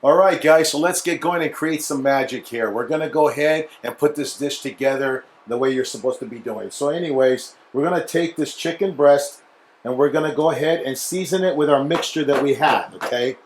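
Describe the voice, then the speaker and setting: A man's voice: on the high side, fairly quick. A man hosting a cooking show, chatty and instructional, often checking in with okay. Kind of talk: casual cooking demonstration.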